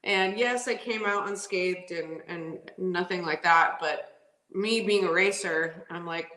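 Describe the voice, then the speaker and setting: A woman's voice: fairly low pitch, a little slow, roomy sound, low-quality recording. A woman drag racing driver telling stories in a casual interview, laughing often and acting out what people said. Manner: animated, laughs often, acts out quotes.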